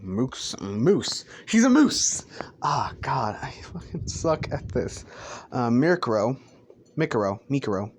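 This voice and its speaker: A man's voice: mid-range voice, slight background noise. A young man improvising a crude fan story, rambling, swearing and stumbling over names.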